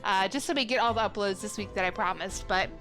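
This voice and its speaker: A woman's voice: medium pitch, quick pace, music in the background. A young woman hosting a let's play, chatty and rambling, her throat a bit gunky. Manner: chatty and rambling, self-correcting. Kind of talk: casual gameplay commentary.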